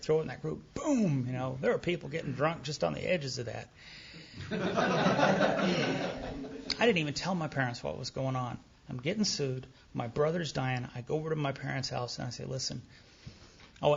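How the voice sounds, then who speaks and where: A man's voice: medium pitch, vocal fry, husky. A middle-aged man from Texas, telling his recovery story to a meeting, acting out dialogue with wry humor. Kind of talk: personal recovery talk to an audience. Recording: dull lo-fi tape recording.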